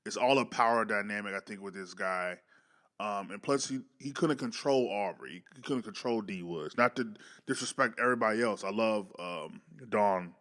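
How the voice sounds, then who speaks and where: A man's voice: fairly low pitch, moderate pace, fairly bright tone. A man hosting a watch-along, talking loosely and musing, with short exclamations. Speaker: reaction video host. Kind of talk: casual reaction commentary.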